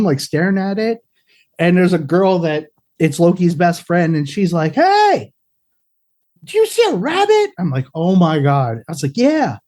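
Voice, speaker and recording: A podcast co-host in casual chat, telling stories with plenty of profanity. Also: mid-range voice. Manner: profane, animated storyteller.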